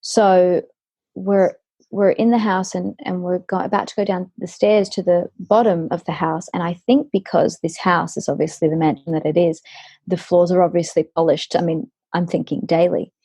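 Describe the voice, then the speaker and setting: Husky woman telling a lively story. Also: fairly low pitch, normal speed, dry recording. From Australia. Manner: animated storytelling. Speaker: guest, singer. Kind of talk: casual chat. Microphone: video call.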